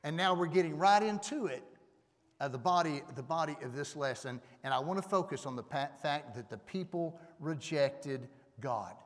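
Male preacher, fairly high voice, casual sermon to the congregation, stage mic in an echoing hall. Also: lively intonation, normal speed. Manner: conversational, asks the audience questions. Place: church hall. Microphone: stage microphone. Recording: long reverb of a hall.

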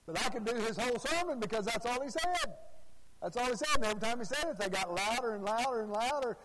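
A man's voice: very high-pitched, lively intonation, fast, crowd noise. A man from Arkansas, preaching a sermon in a folksy storytelling way and repeating his phrases. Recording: long hall reverb.

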